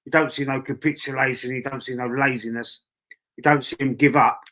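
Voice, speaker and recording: A man with a Cockney accent hosts a casual live stream, talking straight and unfiltered. He swears freely and circles back over the same point, his voice sitting in an ordinary middle pitch. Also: steady tone, fairly quick, fairly bright tone. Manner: blunt, swears, repeats himself. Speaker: football fan channel host.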